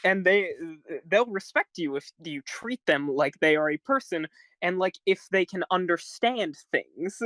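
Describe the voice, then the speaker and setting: A young man in his teens co-hosting a casual podcast, talking in a rambling, halting way with many fillers. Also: high voice, animated, a bit bright, no echo. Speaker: podcast co-host. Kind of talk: casual chat.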